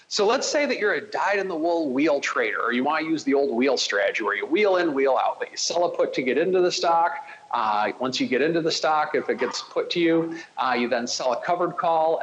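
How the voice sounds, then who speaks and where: Guy walking through an options trade, voice bounces up and down a lot, kinda dull muffled sound w/ a bit of hiss. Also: mid-range voice. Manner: lively, conversational teaching with frequent "uh". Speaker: options trading commentator. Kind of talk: explaining a trading strategy on a podcast.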